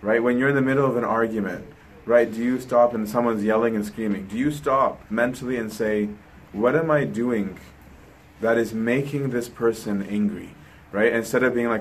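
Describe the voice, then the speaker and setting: A man's voice: mid-range voice, normal speed, rough recording. A man delivering a sermon in an easy, conversational tone with a mid-range voice. He poses questions to the listener and keeps checking in with "right?". A faint hum of noise sits under the recording. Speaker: preacher.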